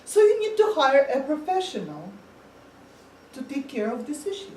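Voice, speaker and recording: A woman who is not a native English speaker gives a prepared humorous speech at a club meeting, telling a story slowly and expressively. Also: high-pitched, slight background noise. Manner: slow, expressive storytelling with playful voices. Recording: echoey room from far off.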